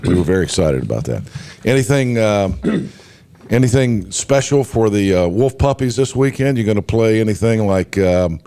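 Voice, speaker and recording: A male morning radio host, hoarse from a cold, chatting casually and rambling with many fillers. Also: on the low side, expressive, normal speed, mellow. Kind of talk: casual morning show banter.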